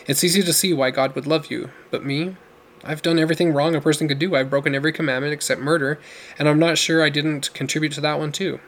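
A man's voice: a little high, steady tone, fast talker, fairly bright tone, slight background noise. A man voicing a remorseful, ailing former criminal who pleads earnestly and despairingly.

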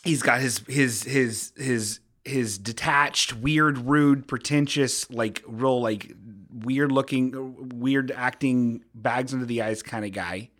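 A man's voice: mid-range voice, slow. A man hosting a casual comedic podcast, rambling and joking as he stumbles through his own sentences. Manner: rambling, animated, self-interrupting with jokey bits. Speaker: podcast host.

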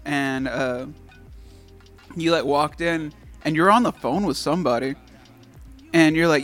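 A man's voice: a little high, a little slow, long pauses, fairly bright tone, soft background music. A man in a casual chat, telling a wry, joking story.

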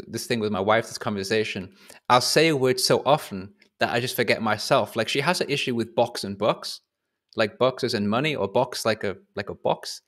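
A Northern English man with a matching accent hosts a casual podcast, chatty and rambling and frequently restarting his sentences. His voice is mid-range and a bit bright.

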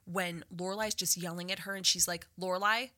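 A woman's voice: fairly low pitch, little pitch movement, pushed and bright. A young woman co-hosting a podcast in casual chat, friendly and leading the conversation from topic to topic. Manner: friendly, leads the conversation, quick back-and-forth. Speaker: podcast co-host.

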